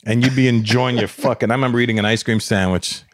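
A man's voice: mid-range voice, steady tone, quick pace, no room sound, studio quality. A man in casual podcast chat, blunt and heavily profane, getting worked up when he tells a story. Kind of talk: casual conversation.

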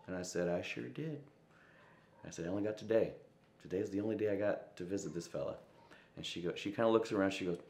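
A young man, a musician, telling a personal story in an interview, reflective and often quoting others in a soft voice. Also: low-pitched, brisk, creaky, reverberant. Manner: reflective, quotes voices with soft asides and laughs.

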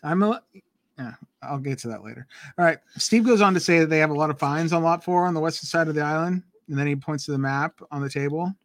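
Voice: medium pitch, fast talker, no echo. Easygoing podcast co-host recapping. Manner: easygoing, laughs often, walks through the episode. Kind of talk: casual chat recapping a TV episode.

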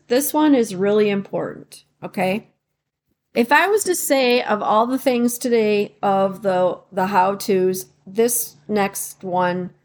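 A woman hosts a self-help podcast in an encouraging, coaching tone, often asking her listeners rhetorical questions. Her voice has a gravelly fry at mid pitch, and her delivery is unscripted and full of small restarts. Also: darkish tone. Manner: fillers and restarts, emotional at times. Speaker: podcast host. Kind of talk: supportive self-help talk.

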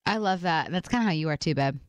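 A woman co-hosting a podcast, playful and quick to laugh, telling stories animatedly. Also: sits low, lively intonation. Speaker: podcast co-host. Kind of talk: casual chat.

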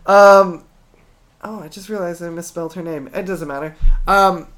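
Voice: mid-range voice, fairly even intonation, moderate pace, a bit bright. A podcast co-host chatting casually, swearing freely and rambling from point to point. Frequent ums and restarts fill the gaps. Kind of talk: casual chat.

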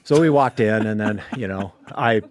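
A man's voice: on the low side, normal speed, a little hiss or hum. An older retired man, a podcast guest, telling a long story in a casual, rambling way, full of restarts and quoted dialogue.

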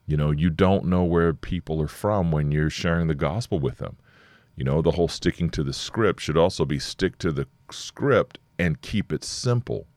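A man's voice: a bass voice, no room sound, studio quality. A man preaching a sermon in a plain, conversational way, acting out short exchanges.

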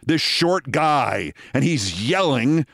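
A man in his sixties, a host telling a long story in a wry, deliberate way. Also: medium pitch, very animated, creaky, fairly bright tone, no room sound, clean studio sound. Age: 60s. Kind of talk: storytelling monologue.

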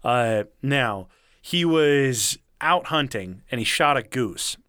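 This man has a bright, pushy voice heard close and dry, with no room sound. He tells stories in a loose, chatty way, laughs a lot, and pitches way up when he quotes someone. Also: slow, clean tone, dry recording. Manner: animated, laughing, acts out quotes in a shrill voice. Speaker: podcast co-host. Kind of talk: casual storytelling chat.

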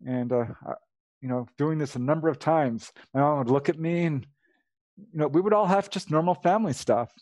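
A man telling personal stories as a guest, animated, laughing often and acting out dialogue. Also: fairly high pitch, brisk, no echo. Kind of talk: casual storytelling.

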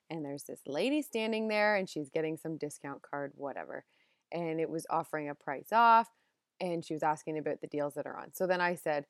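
A woman's voice: fairly low pitch, no echo, clean studio sound. A young woman hosting a podcast, telling a story in a chatty, self-deprecating way and laughing at herself. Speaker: podcast host. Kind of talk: casual storytelling monologue.

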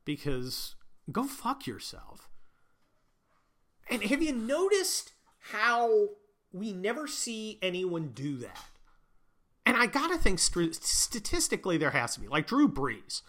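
Sarcastic, profane man with a bright voice. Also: high-pitched, very animated, unhurried. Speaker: podcast host. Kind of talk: sarcastic political rant.

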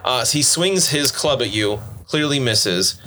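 A man narrating as game master of a tabletop game, relaxed and loose with plenty of fillers. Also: medium pitch, a little slow, slight background noise.

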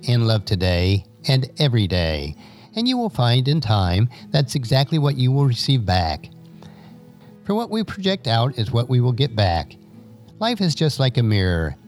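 Older man with a lively, preachy delivery. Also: mid-range voice. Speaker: podcast host. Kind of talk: scripted advice podcast.

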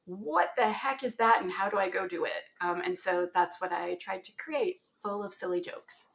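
A woman's voice: on the low side, little pitch movement, moderate pace, gravelly, a little hiss or hum. A woman in her forties with a Canadian accent, a guest telling her career story in a chatty, laughing way. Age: 40s. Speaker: guest, application security author. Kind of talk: casual interview chat.

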